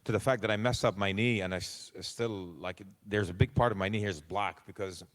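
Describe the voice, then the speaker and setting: A man telling lively stories as a guest on a convention panel, acting out the voices of the people he quotes and swearing casually. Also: lowish voice, brisk. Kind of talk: animated storytelling. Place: convention hall stage. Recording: long hall reverb.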